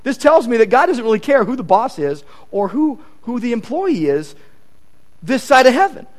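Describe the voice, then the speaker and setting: A man's voice: very high voice, normal speed. A male pastor preaching a sermon, repeating key points for emphasis and acting out quoted conversations. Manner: animated, acts out quoted conversations; emphatic repetition.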